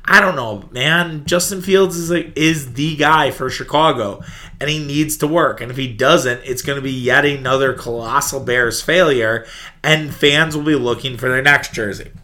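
A man's voice: mid-range voice, normal speed, sharp tone. A man hosting a sports podcast, ranting in a profane, sarcastic, opinionated way. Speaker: podcast host.

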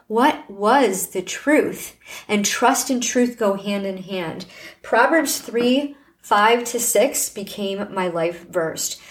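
A middle-aged woman hosting a podcast shares her personal faith testimony, earnest and heartfelt, in a preaching manner. She speaks slowly, with a medium-pitched voice and lively intonation.

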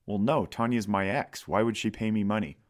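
A man's voice: lowish voice, steady tone, brisk, lightly acted. A man voicing a puzzled adult male client who keeps asking what is going on, in a voice close to his own. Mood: confused. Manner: baffled, questioning.

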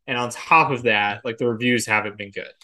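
His delivery is brisk, with a bright, forceful tone, medium pitch, and fairly even intonation. He co-hosts a laid-back podcast on film and TV, rambling through fillers like "like" and "you know" and swearing now and then.

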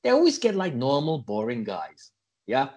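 Comedy podcast co-host, male, fake American accent, husky tone, pitch all over the place. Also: huge pitch swings, moderate pace, darkish tone. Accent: put-on American.

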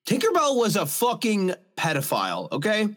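A young man co-hosting a podcast with a husky, slightly rough voice. His pitch swings lively as he fires off crude jokes. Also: moderate pace. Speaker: podcast co-host. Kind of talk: casual crude chat.

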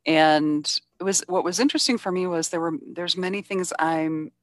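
A middle-aged woman hosts a casual interview, chatting easily and encouraging her guest. Her lowish voice sits close and dry, with no room behind it. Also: steady tone, moderate pace, no echo. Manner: chatty, encouraging, many short backchannels. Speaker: interviewer, host.

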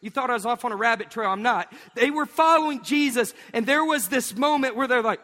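A man, preaching a sermon in an animated storytelling way. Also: very high voice, fairly quick. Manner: storytelling, animated, acts out voices. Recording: long hall reverb.

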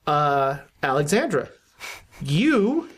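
A game master narrating a horror tabletop game, often pausing and restarting sentences. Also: mid-range voice, very animated, husky. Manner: halting, with many restarts and fillers.

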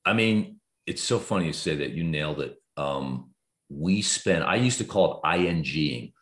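Deep-voiced earnest man in his fifties. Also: moderate pace. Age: 50s. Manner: earnest, reflective, lively swings in pitch when explaining. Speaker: guest author. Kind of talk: podcast conversation.

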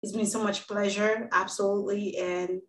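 A woman's voice: mid-range voice, little pitch movement, normal speed, roomy sound, a little hiss or hum. A woman co-hosting a casual podcast, crying and emotional, laughing through her tears. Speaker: podcast co-host.

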